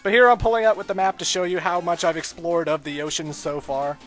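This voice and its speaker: A man's voice: high-pitched, steady tone, brisk, a bit bright, faint music behind. A man giving casual, chatty gameplay commentary as a let's play host, with frequent asides to viewers.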